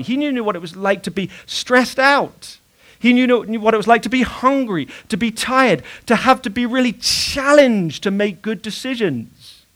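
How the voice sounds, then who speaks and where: High-voiced man preaching conversationally. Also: a bit bright. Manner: conversational preaching with fillers and audience prompts. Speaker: pastor. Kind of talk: sermon.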